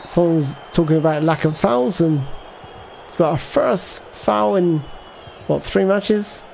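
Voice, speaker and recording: A man's voice: on the high side, takes it slowly, vocal fry, a little mellow, a little hiss or hum. Rambling gaming streamer, man. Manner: rambling, thinks aloud, reads out viewer chat. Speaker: gaming livestreamer. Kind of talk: casual live gameplay commentary.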